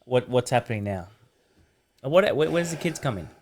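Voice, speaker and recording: A man hosting a relaxed interview podcast, speaking at an ordinary mid pitch. He prompts his guest with short questions, often stammering and restarting his words. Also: normal speed, a little hiss or hum. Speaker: podcast host. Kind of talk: casual interview.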